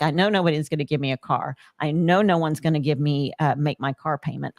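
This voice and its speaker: Low-voiced woman telling a raw story. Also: no room sound. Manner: earnest, animated, quotes herself and others. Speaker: podcast host. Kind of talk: emotional personal storytelling.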